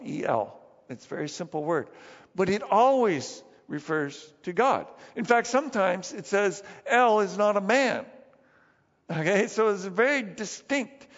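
A man with a high voice preaching a sermon in a church hall with long reverb. He is lively and talks casually, acting out the scenes he tells. The sound is dull. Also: creaky. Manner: animated, acts out Bible scenes. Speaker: pastor.

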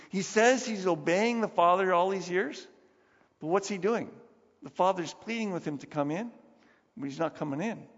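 A man preaching a sermon as pastor, conversational and emphatic, acting out the lines he quotes. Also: sits high. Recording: dull lo-fi sound, long hall reverb.

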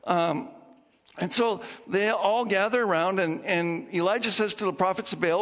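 A man preaching a sermon as pastor, telling the story in an animated way and acting out the people in it. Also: high voice, moderate pace. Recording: dull lo-fi recording with long hall reverb.

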